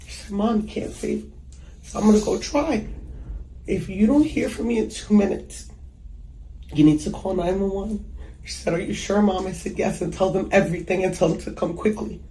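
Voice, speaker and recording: A woman giving emotional interview testimony as a mother, halting and hesitant with many pauses. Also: medium pitch, dark tone. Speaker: mother recounting a killing. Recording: echoey room with faint background noise.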